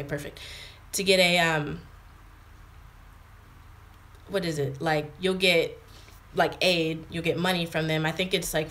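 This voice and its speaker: A woman's voice: on the low side, fairly bright tone. A young American woman in her twenties chatting casually on a livestream from her home, reading and answering viewer comments with lots of fillers. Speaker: vlogger. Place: her home in England, indoors.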